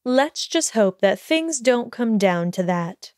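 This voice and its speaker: A woman voicing a calm, steady older headmistress witch in a storybook reading, speaking evenly and measuredly. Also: fairly high pitch, no echo, clean studio sound. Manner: even, measured delivery.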